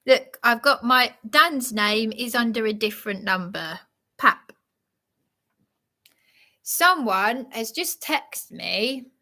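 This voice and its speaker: A woman's voice: fairly high pitch, lively intonation, slow, pauses often, pushed and bright. A woman live streaming, talking in a flustered, agitated and apologetic way. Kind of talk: rambling live-stream chat.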